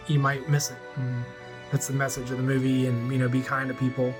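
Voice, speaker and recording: A man in his forties, a toy collector, casually retelling a movie in a rambling way full of fillers and quick character voices. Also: medium pitch, flat delivery, music in the background. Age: 40s.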